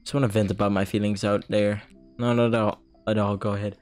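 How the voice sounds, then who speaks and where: A young man doing casual game commentary, mocking and swearing often in a deadpan way. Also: lowish voice, brisk, faint music behind. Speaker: gaming youtuber.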